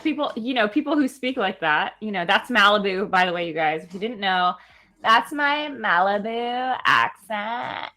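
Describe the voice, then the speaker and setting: A young woman from California in casual chat, animated and laughing as she tells stories. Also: medium pitch, moderate pace. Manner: chatty and animated, laughs while telling stories. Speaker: stream guest.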